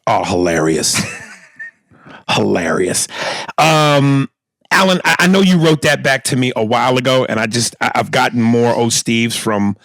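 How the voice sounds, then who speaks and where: A man's voice: medium pitch, fairly even intonation, normal speed, a bit bright, dry recording. A man co-hosting a podcast in casual chat, reading listener emails aloud in a blunt, profane way. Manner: profane, blunt, reads aloud with acted bits. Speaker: podcast co-host.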